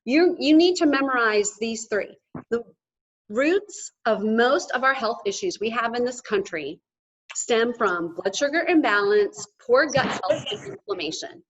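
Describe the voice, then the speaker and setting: A woman giving an energetic motivational talk to a live audience, emphatic and often checking in with "okay?". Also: fairly high pitch, unhurried. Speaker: motivational speaker at a sales event.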